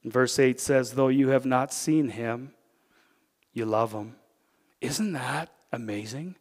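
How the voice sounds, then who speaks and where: A man with a Canadian accent, a pastor preaching a sermon, who swings from loud, emphatic peaks down to hushed, intimate asides. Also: medium pitch, slow pace, big-room sound. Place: church sanctuary.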